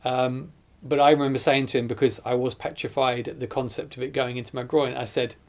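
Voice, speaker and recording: A man's voice: medium pitch, steady tone, fairly quick. A man, earnestly recounting his hospital ordeal in a documentary interview, often correcting himself as he goes. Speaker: survivor telling his story.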